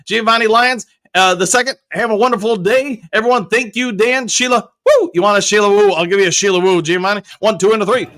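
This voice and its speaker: A male show host chatting casually on a livestream and reading viewer comments in an upbeat, chatty way, with loud whoops thrown in. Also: sits high, quick pace, hardly any pauses.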